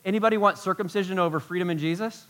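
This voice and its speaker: Pastor, male, sermon delivery, emphatic and animated, voice sits a bit high. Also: very fast. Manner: animated, emphatic, full of rhetorical questions.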